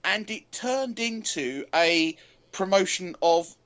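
Rambling male co-host, slightly high voice. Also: expressive, a bit bright. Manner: rambling, halting opinions. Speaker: TV reviewer co-host. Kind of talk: casual chat reviewing TV.

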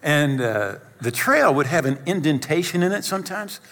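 A middle-aged man preaches from the pulpit, spinning a self-deprecating story and acting out the scenes as he goes. His pitch rises and falls with lively swings. The sound rings with the long reverb of a large hall. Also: moderate pace. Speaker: pastor. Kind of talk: storytelling sermon.

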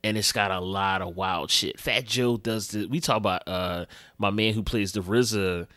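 Man, low pitch, casual podcast co-host, profane street slang, dry close mic. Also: moderate pace, fairly bright tone, dry recording. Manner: loose, profane street slang, rambling storytelling.

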